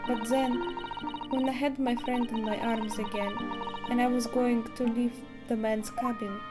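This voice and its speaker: A woman's voice: a little high, flat delivery, measured pace, lightly acted. A woman reading aloud the lines of a frightened young runaway ballerina, a little hesitant, with game music behind. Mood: fearful.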